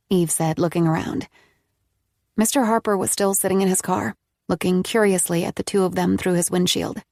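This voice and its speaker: Woman reading a story aloud, measured, bit of vocal fry. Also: on the low side, steady tone, darkish tone, dry recording, clean studio sound. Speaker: audiobook narrator. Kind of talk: scripted audiobook narration.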